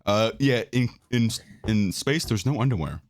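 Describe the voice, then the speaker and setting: Young dude, lowish voice, laid-back podcast chat, jokey. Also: male voice, animated, moderate pace. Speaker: podcast co-host. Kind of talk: casual chat.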